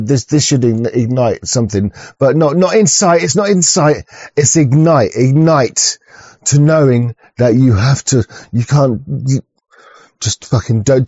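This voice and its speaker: Man, dark voice, dry dull lo-fi sound, swearing, stammering, rambling monologue. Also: mid-range voice, no echo. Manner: crude, swearing, stammering restarts. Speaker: online show host. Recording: dull lo-fi recording.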